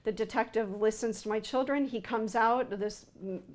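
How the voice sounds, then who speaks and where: A woman recounting a personal account in an interview, speaking haltingly with frequent fillers and restarts. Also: fairly high pitch.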